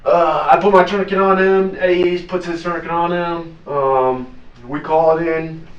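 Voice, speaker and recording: Man, mid pitch, blunt profane storyteller, heard from afar in a roomy space. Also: fairly even intonation. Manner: blunt, profane, halting with many fillers. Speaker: interview guest, former Navy SEAL. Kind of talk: casual storytelling interview. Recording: roomy, distant, dull lo-fi sound.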